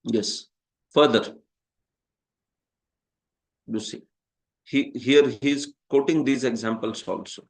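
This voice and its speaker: Indian man teaching with lively asides. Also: mid-range voice, takes it slowly, long pauses. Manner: lively, asks "huh?" often, laughs at his own jokes. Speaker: scripture teacher. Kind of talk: classroom lecture with questions.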